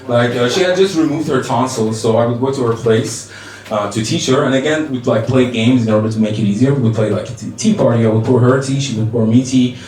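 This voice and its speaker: A man's voice: medium pitch, brisk, darkish tone. A man from Iran doing a stand-up comedy set in a bar, animatedly telling stories and acting out the dialogue. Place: bar comedy stage, indoors. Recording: roomy bar echo from a distance.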